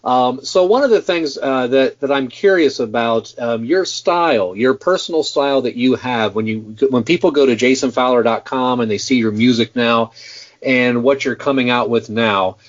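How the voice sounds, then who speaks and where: A man's voice: medium pitch, normal speed. Stammery chatty host guy, 40s, mid voice, kinda muffled audio. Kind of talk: casual interview chat. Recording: dull lo-fi sound.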